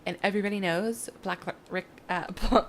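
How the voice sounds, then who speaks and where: A woman's voice: medium pitch, steady tone, brisk, a little hiss or hum. A woman giving casual, playful gameplay commentary, laughing often. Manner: giggly, playful. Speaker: let's play host. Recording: game music under her voice.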